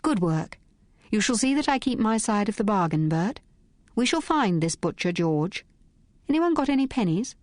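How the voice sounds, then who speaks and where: A woman reading as a crisp, fearless lady detective. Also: medium pitch, very animated, normal speed, darkish tone, no room sound, pitched above the performer's own voice, close to an everyday voice. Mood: brisk. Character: glamorous fearless young woman detective, sharp-witted.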